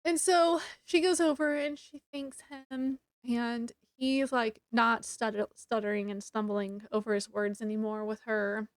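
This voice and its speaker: A woman with a high, bright-pitched voice chats through a book review at an unhurried pace. She retells scenes loosely, peppering them with "like" and small laughs, a little sniffly from allergies. The sound is dry and close. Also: fairly even intonation, dry recording. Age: adult with a child. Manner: chatty retelling with many "like"s and laughs. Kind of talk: casual book review vlog.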